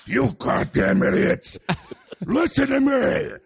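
A man's voice: extremely high pitch, lively intonation, slow, creaky, crowd noise, pitched above the performer's own voice, exaggerated voice. A man voicing a crude male devil possessing a psychic, growling demands. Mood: raging.

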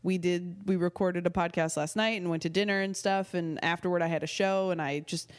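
A woman's voice: fairly low pitch, steady tone, brisk, smooth. A woman co-hosting a podcast in casual chat, upbeat and encouraging. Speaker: podcast co-host, comedian.

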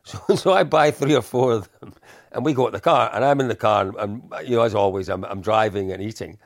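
A middle-aged man, a podcast co-host, telling animated anecdotes in casual chat with frequent laughs. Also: lowish voice, fairly quick, no echo, clean studio sound.

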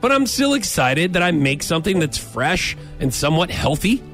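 A man in casual chat, animated and playfully defensive about his cooking. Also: high voice, normal speed, faint music behind.

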